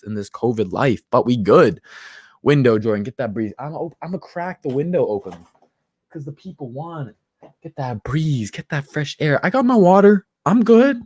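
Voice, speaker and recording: A man's voice: medium pitch, no echo, clean studio sound. Tipsy young man chatting on a livestream. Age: 20s. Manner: loose, tipsy banter reading out chat comments. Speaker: livestream host. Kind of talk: casual livestream chat.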